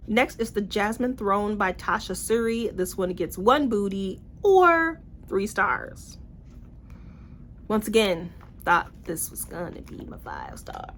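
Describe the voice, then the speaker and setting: A young woman casually reviewing books in a vlog, blunt and animated, with swearing and playful asides. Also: mid-range voice, slight background noise. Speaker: book reviewer.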